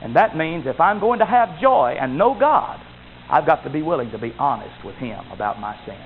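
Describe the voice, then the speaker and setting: A man preaching a sermon with emphatic delivery, rising to loud exclamations and dropping to low asides. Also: animated, normal speed. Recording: tinny phone-like sound with faint noise.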